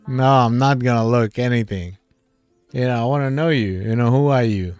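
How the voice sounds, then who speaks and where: A man's voice: medium pitch, moderate pace, clear, resonant tone, no room sound, faint music behind. A man hosting a livestream, reading viewers' comments aloud in casual chat and laughing often.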